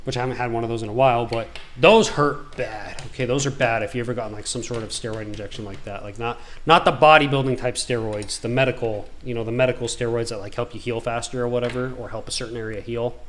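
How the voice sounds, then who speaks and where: A man hosting a gaming video, telling a long story in a rambling, animated, slangy way. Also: medium pitch, fast, few pauses. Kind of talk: casual storytelling while gaming.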